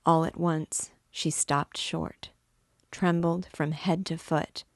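A woman reading a classic novel aloud, narrating with measured, expressive storytelling. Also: deep voice, dry recording, clean studio sound. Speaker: book reader and guide. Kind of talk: literary read-aloud narration.

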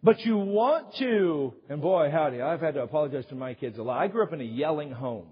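A man preaching a sermon to a congregation as a pastor, telling family stories in an animated way. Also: a little high, brisk, breathy edge. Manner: animated storyteller, acts out yelling quotes. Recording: dull sound with long hall reverb.

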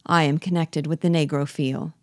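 A woman's voice: deep voice, little pitch movement, normal speed, darkish tone, dry recording, studio quality, natural voice. A woman reading the lines of a pompous, ruthless male colonial general in a declaiming, self-important way.

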